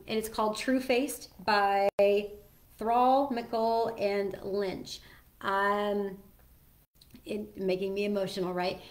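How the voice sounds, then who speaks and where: Chatty earnest woman talking to camera. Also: mid-range voice. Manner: chatty and earnest, with many ums and self-corrections. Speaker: host sharing personal advice. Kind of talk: casual solo talk to camera.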